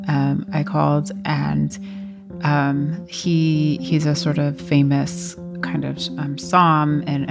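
A woman being interviewed, telling her business story in an animated, self-deprecating way and laughing often. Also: sits low, gravelly. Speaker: guest, wine business co-founder.

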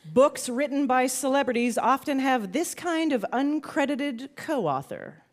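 A woman hosting a live quiz show, bubbly and quick to laugh as she reads clues and calls on players. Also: high voice, expressive.

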